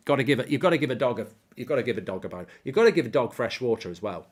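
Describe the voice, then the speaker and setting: A man's voice: medium pitch, very animated, racing, few pauses. A man hosting a live football watchalong, ranting animatedly and swearing freely while telling an anecdote. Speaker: host.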